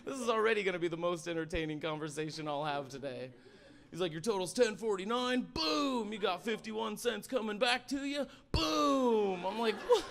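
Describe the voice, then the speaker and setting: High-voiced young comedian shouting punchlines. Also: male voice, expressive, fairly quick. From Sandpoint, Idaho. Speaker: stand-up comedian. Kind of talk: stand-up comedy set. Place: stage in a library event hall.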